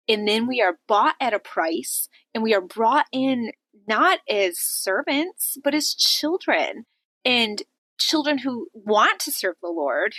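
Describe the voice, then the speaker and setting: An earnest woman speaking in a relaxed, conversational devotional style, her pitch sitting in the middle of the usual range. She lifts her voice brightly whenever she quotes someone else. The sound is close and dry, with almost no room around it. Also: no room sound. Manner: earnest, conversational, animated when quoting others. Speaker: podcast host. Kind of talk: devotional podcast talk.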